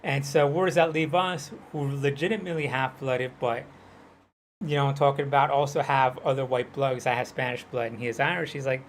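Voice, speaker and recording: A man's voice: medium pitch, fairly even intonation, moderate pace, slight background noise. A man from Hawaii chatting loosely while streaming a game, rambling and full of fillers. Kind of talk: casual chat while gaming.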